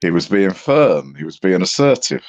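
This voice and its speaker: A man's voice: low voice, sing-song, normal speed. A man with an English accent, a guest in a casual online panel chat, talking dryly and laughing often. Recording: muffled lo-fi mic.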